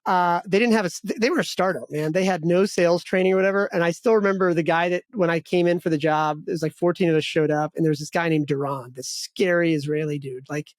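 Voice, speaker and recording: A man's voice: on the high side, fairly even intonation, fast, few pauses, no echo. A man in his forties hosting a podcast interview, telling rambling stories in a casual chat with many restarts. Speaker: podcast host.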